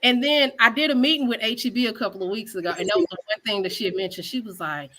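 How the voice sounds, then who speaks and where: Bright-voiced woman chef on a video call. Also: on the high side, fast talker, a little hiss or hum, rough recording. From Texas. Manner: animated, acts out quotes in a chatty Southern style. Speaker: chef and tamale business owner. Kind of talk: casual storytelling interview.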